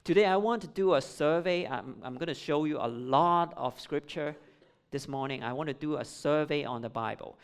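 A man's voice: fairly high pitch, moderate pace, clear, resonant tone. A man delivering a morning sermon as pastor, asking rhetorical questions and building to emphatic passages.

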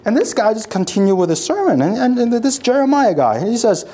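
A woman's voice: on the high side, very animated, fairly quick, few pauses, warm tone. A woman preaching a sermon, telling the scene as a story and acting out how the crowd reacts, often repeating and restarting words as she builds. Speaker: pastor.

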